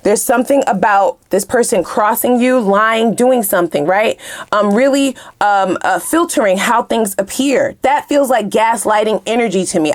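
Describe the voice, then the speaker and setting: A woman giving a casual tarot reading to her viewers in a heated, animated way, swearing freely and speaking straight to the camera with slang. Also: mid-range voice, moderate pace. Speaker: tarot reader.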